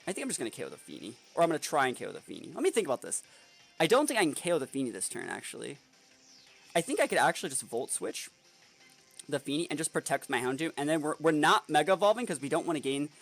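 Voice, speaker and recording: A fairly high-voiced man streaming a competitive video game, narrating his plans as he goes. His delivery bounces all over the place, dropping into quiet muttering and then jumping up when he gets excited. Soft music plays faintly underneath. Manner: excitable, hyped, talks to chat. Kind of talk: live gameplay commentary, thinking out loud.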